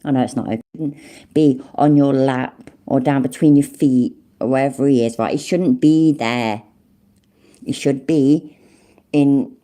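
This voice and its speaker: A woman's voice: low-pitched, warm tone. A woman hosting a reaction video, furiously ranting and swearing nonstop. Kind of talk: angry reaction commentary.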